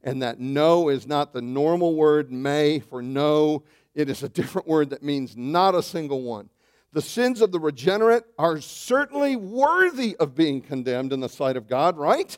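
A man preaching a sermon as pastor, animated, swinging between loud bursts and hushed asides, calling his listeners saints. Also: on the high side, moderate pace. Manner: addresses listeners as saints, asks questions.

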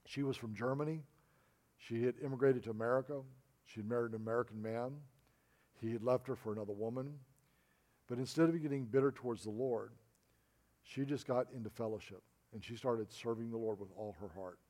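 A middle-aged man preaching a sermon, telling personal stories and calling his listeners folks, dropping softer when he quotes people. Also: mid-range voice, brisk. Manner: storytelling, addresses listeners as folks, drops to a soft voice for quoted lines.

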